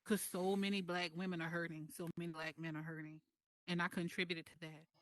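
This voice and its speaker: Heartfelt woman with a slightly low voice. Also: little pitch movement, no echo. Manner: heartfelt, slow and emphatic, pausing between phrases. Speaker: guest speaker. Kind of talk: emotional personal testimony in group voice chat. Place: online voice chat server.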